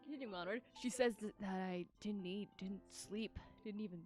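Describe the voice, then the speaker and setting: A woman voicing a downcast young man in a visual novel, reading his lines quietly and flatly. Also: mid-range voice, moderate pace, soft background music, close to an everyday voice. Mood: somber. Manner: quiet, flat and subdued.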